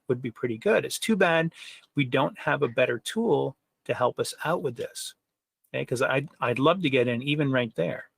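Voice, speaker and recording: A man presenting trading software in a conversational webinar, with frequent fillers and rhetorical questions. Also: mid-range voice, vocal fry, dry recording.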